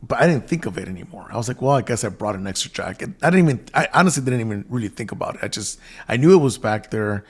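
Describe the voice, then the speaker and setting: A man with a fairly low voice tells a personal story in a loose, rambling way. He keeps acting out his own past words and stumbles through restarts as he goes. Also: a little mellow. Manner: rambling, self-quoting with restarts. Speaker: host. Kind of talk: casual storytelling.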